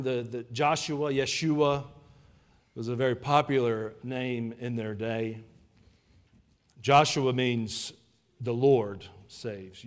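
A man preaches a sermon to a church congregation in a loose, conversational way. He breaks off into jokes, then returns to his point. He often stumbles over and repeats his words. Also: mid-range voice. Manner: conversational with joking asides. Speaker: pastor. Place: church service before a congregation.

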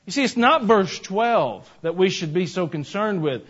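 Man, pastor, conversational sermon, joking asides, slightly high voice, muffled lo-fi recording. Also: expressive, moderate pace, few pauses, a bit bright. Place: church sanctuary. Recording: dull lo-fi recording.

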